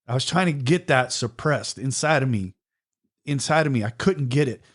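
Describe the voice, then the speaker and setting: A man in casual podcast chat, telling his story with blunt, profane candor and lively swings of feeling. His voice sits at an ordinary middle pitch. He speaks openly and sometimes gets emotional. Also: normal speed. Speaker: podcast host in recovery.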